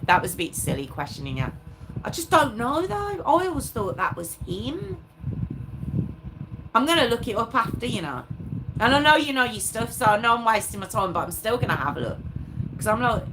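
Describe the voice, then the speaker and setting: A woman's voice: a little high, very animated, moderate pace. A woman hosting a live stream, chatting casually with her viewers in a rambling, self-mocking way. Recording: clear background noise with clicks.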